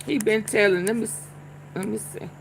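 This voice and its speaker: A woman's voice: medium pitch, fairly even intonation, moderate pace, vocal fry, slight background noise. A woman hosting a casual commentary show, talking back at clips in a drawling, repetitive way. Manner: drawling, talks back at clips, repeats herself.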